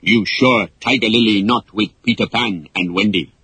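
A man voicing a proud old male tribal chief who speaks in clipped, broken phrases with a raspy voice. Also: fairly low pitch, pushed and bright, dry recording. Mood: worried. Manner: broken clipped speech, slow and weighty.

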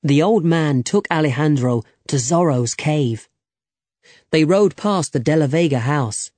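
A man narrates a simple graded-reader story in a slow, clear, deliberate way. His voice sits slightly high. The recording is dry and close to the mic. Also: expressive, a little mellow, no echo. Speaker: audiobook narrator.

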